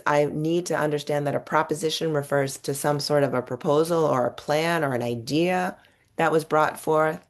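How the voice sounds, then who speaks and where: A woman giving a webinar presentation and explaining her slides step by step, with occasional restarts mid-word. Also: low voice. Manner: explanatory, talks through slides. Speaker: webinar presenter on reading instruction.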